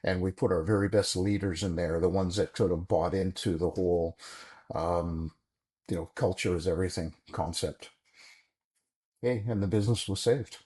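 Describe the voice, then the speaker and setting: A middle-aged man with a deep, husky voice tells stories from his career as a podcast guest. He is animated and slips into the voices of the people he quotes. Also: moderate pace. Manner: animated anecdotes, acts out quoted dialogue. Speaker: podcast guest, former executive. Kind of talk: conversational storytelling.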